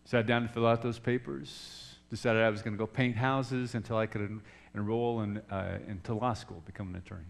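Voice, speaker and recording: A middle-aged pastor telling a personal story in a sermon, swinging from hushed, soft passages to loud shouting. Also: male voice, on the low side, steady tone, a little fast, vocal fry, few pauses.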